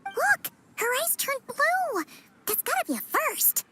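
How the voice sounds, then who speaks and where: Paimon, a squeaky excitable creature. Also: female voice, unhurried, exaggerated voice. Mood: excited. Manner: excitable, refers to herself in third person. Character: tiny floating female companion creature, excitable and chatty. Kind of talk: video game voice acting. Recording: game audio with music behind.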